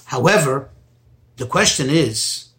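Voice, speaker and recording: This is a man giving a text study lesson, talking at an ordinary mid-range pitch. He explains step by step and deliberately, circling back to repeat the key phrases so each point lands. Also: expressive, pushed and bright. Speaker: Torah teacher.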